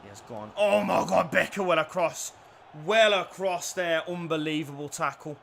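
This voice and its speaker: A young man commentating his own football video game match, nervy and swearing, bursting into shouts at big moments. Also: on the high side, animated, moderate pace, vocal fry, slight background noise. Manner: nervous, swearing, erupting into shouts at goals. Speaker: gaming YouTuber. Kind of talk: live gameplay commentary.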